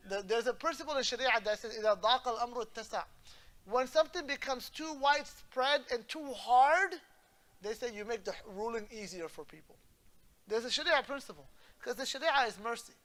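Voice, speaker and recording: Bright-voiced imam teaching a class. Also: male voice, very high voice. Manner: explains patiently, often checks with listeners. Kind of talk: religious lesson.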